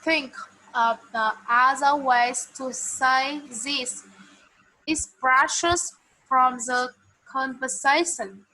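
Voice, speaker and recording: A woman learning English in a one-on-one lesson, answering hesitantly with many pauses and fillers. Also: sits high, fairly even intonation, bright, forceful tone, rough recording. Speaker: English student.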